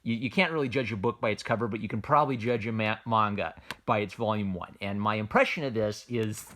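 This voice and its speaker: A man on the low side of pitch, talking quickly in a fairly bright tone, gives a casual, unscripted manga review. His speech rambles with many restarts and fillers like "like" and "uh," and he comes across as amused.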